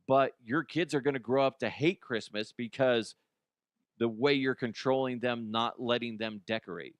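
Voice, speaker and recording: A man hosting a comedy news podcast, ranting sarcastically with lots of swearing, swinging between loud outbursts and mutters. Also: mid-range voice, no echo, studio quality. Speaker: podcast host.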